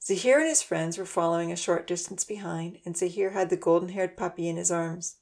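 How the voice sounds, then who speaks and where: A woman narrating a children's storybook aloud in a steady, gentle way. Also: lowish voice, a little fast, vocal fry.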